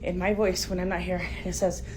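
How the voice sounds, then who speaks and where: A middle-aged woman filming inside her home on a handheld phone, talking to viewers in a breathless, alarmed, often hushed way. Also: fairly low pitch, level tone, a little fast. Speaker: homeowner filming her house. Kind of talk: frightened phone video to viewers. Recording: noisy home phone recording.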